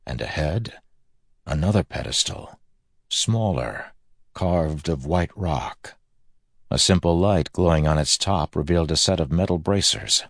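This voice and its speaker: A man narrating a fantasy audiobook in a measured, grave manner. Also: low voice, dry recording, clean studio sound.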